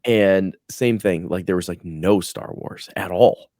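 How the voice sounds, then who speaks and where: A man's voice: sits low, measured pace, mellow, dry recording, studio quality. A man co-hosting a podcast in easygoing casual chat, often hesitating with fillers. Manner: laid-back, hesitant with fillers, mimics voices. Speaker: podcast co-host.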